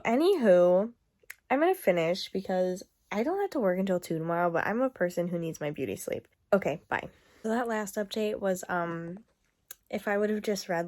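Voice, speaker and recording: A young woman talking casually at home about a book she is reading, chatty and exasperated, breaking into laughs. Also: medium pitch. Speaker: book vlogger. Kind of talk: casual reading-update vlog.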